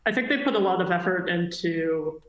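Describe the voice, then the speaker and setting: A woman guest chatting casually on a podcast, quick and wry, with plenty of fillers. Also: on the low side, faint music behind. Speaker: guest writer. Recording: roomy echo.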